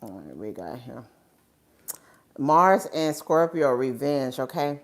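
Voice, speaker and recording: A woman's voice: extremely low pitch, very animated, slow. A woman giving a live tarot reading in a casual, rambling way, often checking in with "okay?". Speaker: tarot reader.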